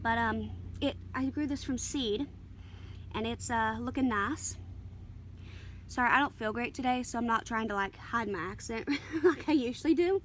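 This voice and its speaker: A woman with a somewhat high voice shows off her garden on a handheld camera. She rambles at an easy pace, full of ums and quick apologies. Faint open-air ambience hangs behind her voice. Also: fairly bright tone, slight background noise. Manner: rambling, easygoing, full of fillers and small apologies. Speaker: garden vlogger. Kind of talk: casual garden tour. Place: outdoors in a home garden. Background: faint outdoor ambience, passing planes.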